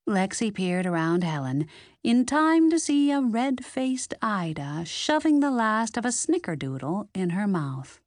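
Brief: woman narrator, slow, very lively pitch, dry close studio sound. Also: no echo. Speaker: audiobook narrator. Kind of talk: scripted narration.

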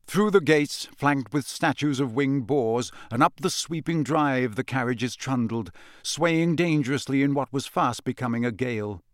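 A man's voice: medium pitch, no room sound. Man narrating an audiobook, dry close sound. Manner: measured, expressive storytelling. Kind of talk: scripted narration.

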